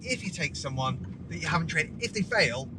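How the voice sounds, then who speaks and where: A man, a driving instructor, telling a story in a rambling, animated way with many restarts. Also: a little high, moderate pace, background noise. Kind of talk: casual storytelling vlog. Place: outdoors by a parked car.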